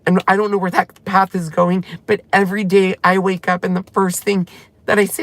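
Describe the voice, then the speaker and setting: A man's voice: sits high, little pitch movement, moderate pace, a bit bright. A man hosting his own channel, talking in an emotional, rambling way and close to tears as he retells conversations. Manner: tearful, heartfelt, rambling retelling. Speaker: channel host. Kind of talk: emotional personal vlog talk.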